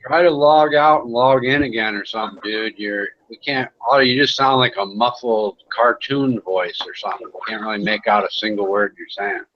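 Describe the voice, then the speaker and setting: A man's voice: on the low side, moderate pace, hardly any pauses. A man in casual online chat, blunt, crude and sarcastic. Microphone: online voice call. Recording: dull lo-fi online call.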